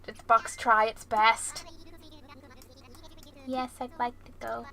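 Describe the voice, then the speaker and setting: Brief: a playful woman streamer who chats with her viewers while gaming. High, bright voice, loose and punny. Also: flat delivery, slow pace, vocal fry. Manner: playful, punning, chatting with viewers. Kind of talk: casual live-stream chat while gaming.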